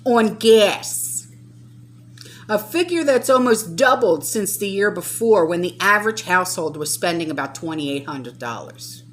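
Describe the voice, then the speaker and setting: A woman's voice: mid-range voice, a bit bright, slight background noise. A woman vlogging about prepping, talking to viewers in an emphatic, exasperated, lecturing way. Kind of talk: casual to-camera vlog talk.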